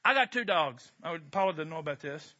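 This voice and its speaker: A male pastor delivers a sermon in an animated, joking, conversational way. His voice sits high and sounds very bright, and the recording is dull and lo-fi. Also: fast talker.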